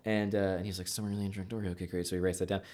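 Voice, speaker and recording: A man's voice: sits low, flat delivery, rapid-fire, a little mellow. A man hosting a podcast, telling long rambling stories in casual chat and acting out quotes. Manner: rambling storyteller, acts out quotes.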